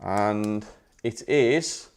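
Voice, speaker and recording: A British man chatting casually in a vlog, upbeat and joking, talking in quick bursts. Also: on the low side, clean tone. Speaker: property investor vlogger.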